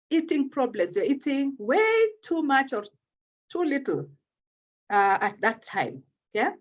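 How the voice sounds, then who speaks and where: A woman with a fairly high voice talks through a subject at length as an interview guest. She keeps checking in with her listener and repeats words as she finds her thread. The audio sounds dull and low-fi. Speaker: guest speaking on postpartum depression. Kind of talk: explanatory interview talk.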